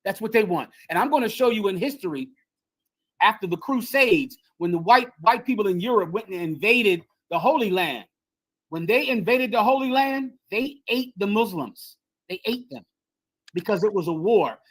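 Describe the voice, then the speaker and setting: A woman's voice: mid-range voice, lively intonation, normal speed, husky, poor audio. A woman hosting a livestream and lecturing with emphatic, preachy force, repeating her phrases for effect over a video-call mic. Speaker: livestream host and teacher. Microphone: streaming software on a video call.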